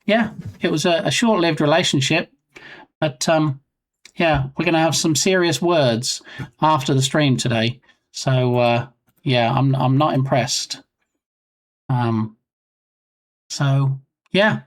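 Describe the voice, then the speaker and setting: A man's voice: a little high, slow, long pauses. A man chatting casually on a live game development stream, rambling and self-mocking.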